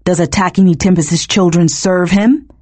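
A woman narrator voicing a proud ancient male god who is terse and tightly controlled, with a husky voice. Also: lowish voice, fairly even intonation, moderate pace, warm tone, no echo, close to an everyday voice. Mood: cold anger.

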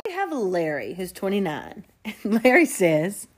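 A woman's voice: medium pitch, big pitch swings, measured pace, slightly rough. A woman hosting a podcast in a chatty style, laughing often and reading aloud playfully. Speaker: podcast host. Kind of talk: casual chat.

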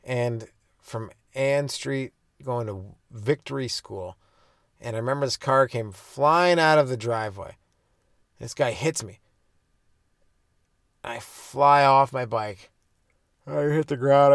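A young Canadian stand-up comedian rambles through profane childhood stories on his own solo podcast, hopping loosely between goofy bits and tales. His mid-range voice is creaky and slow, with frequent pauses. The studio-quality recording has no room sound.

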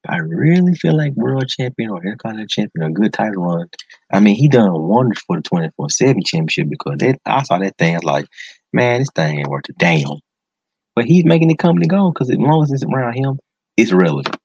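A man talks fast and loose on a casual solo podcast, full of slang and excited repeats. His voice sits low but swings widely up and down. The sound is dull and lo-fi, close and dry. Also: gravelly, husky, no room sound. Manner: enthusiastic, slangy, repeats words for emphasis. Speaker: podcast host.

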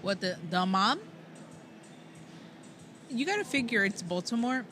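A woman co-host teases her partner and laughs easily in a loose podcast chat. Clear background noise runs under her voice. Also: mid-range voice, expressive. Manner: teasing, quick to laugh.

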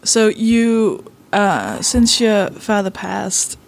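A woman hosting a casual podcast, chatty and rambling, often breaking off her own sentences. Her voice sits at an ordinary middle pitch. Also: animated, very slow, vocal fry. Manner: chatty, rambling, self-interrupting. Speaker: podcast host. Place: London arts club.

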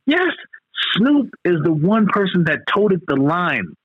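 A man's voice: high-pitched, big pitch swings, takes it slowly, phone-quality sound. A man in casual podcast chat, talking loosely and profanely, rambling between points with lots of restarts.

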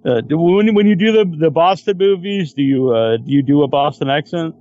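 A male interviewer asking halting, hesitant questions in a casual chat, recorded with dull, dry audio. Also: on the high side, lively intonation, warm tone, no room sound.

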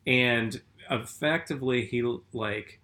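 A man chatting casually with a very bright, sharp voice, rambling and self-interrupting as he tells his stories. His pitch is at an everyday middle level. His talk is loose and full of restarts. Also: slow. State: groggy after a nap. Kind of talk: casual chat.

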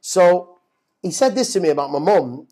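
A middle-aged man telling a story as a guest, animated and swearing, often repeating words as he gets excited. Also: sits high, moderate pace. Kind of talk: casual storytelling.

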